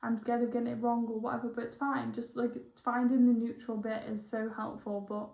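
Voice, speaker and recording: A woman's voice: a little high, creaky. Chatty young woman, roomy dull sound. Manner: chatty, excitable, rambling with quick self-corrections. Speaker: spiritual healer. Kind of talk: casual one-on-one session chat.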